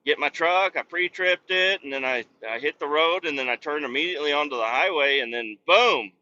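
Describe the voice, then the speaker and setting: A foul-mouthed trucker rants and mocks from the cab of his truck, his voice bright and a touch high. He rambles between yelling and mumbling asides. The recording is dull and lo-fi. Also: brisk, a little hiss or hum. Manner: profane, mocking, rambling. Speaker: truck driver and podcast host. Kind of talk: profane rant while driving. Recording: dull lo-fi sound.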